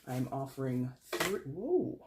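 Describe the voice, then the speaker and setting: A man talks viewers through a tarot reading in a relaxed, chatty vlog. His voice sits at an ordinary middle pitch. He rambles and corrects himself as he goes, over faint background noise. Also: slow pace. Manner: addresses viewers as guys. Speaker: tarot reader.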